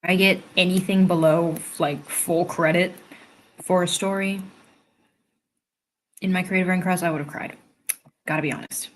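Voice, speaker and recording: A woman's voice: fairly low pitch, fairly even intonation, normal speed, long pauses, a little hiss or hum. Chatty young woman streaming from home. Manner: chatty, reads chat aloud and reacts, laughs often. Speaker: livestream host and writer. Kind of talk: casual livestream chat.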